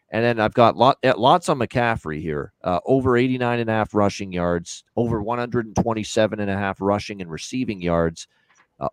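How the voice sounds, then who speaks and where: A man's voice: fairly low pitch, dry recording. A man hosting a live sports betting stream, rattling off picks in a rambling, self-aware way. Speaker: sports betting show host.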